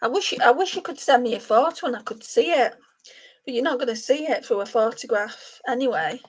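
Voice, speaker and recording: A woman's voice: on the high side, expressive, brisk, slightly rough. Chatty woman doing a makeup livestream. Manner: chatty, talks to viewers by name. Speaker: beauty livestream host. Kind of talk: casual makeup livestream chat.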